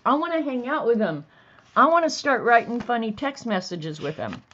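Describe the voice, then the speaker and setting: A woman's voice: a little high, very animated, normal speed, fairly bright tone, lo-fi sound, slight background noise. A woman hosting a casual livestream, chatting to viewers and laughing easily as she reads funny bits aloud. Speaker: host.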